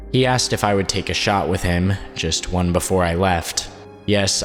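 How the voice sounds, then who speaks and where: Man narrator, very deep voice, steady measured reading, long reverb, faint music behind. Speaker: documentary narrator. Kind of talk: reading a first-person written statement aloud.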